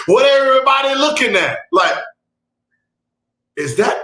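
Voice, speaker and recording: A man hosting a podcast, telling a comic story with bursts of laughter, shouted punchlines and mouthed sound effects. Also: extremely high pitch, expressive, slow pace, long pauses, reverberant, a little hiss or hum. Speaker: podcast host. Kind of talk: comedic storytelling.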